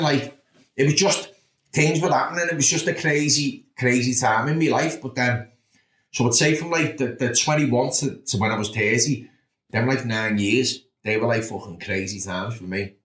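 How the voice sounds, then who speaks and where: Candid storytelling from a Liverpool-accented man in his thirties, a podcast guest who is blunt and swears often while recalling his past. He frequently says "do you know what I mean" in a mid-range, slightly bright voice, and the recording has a roomy echo.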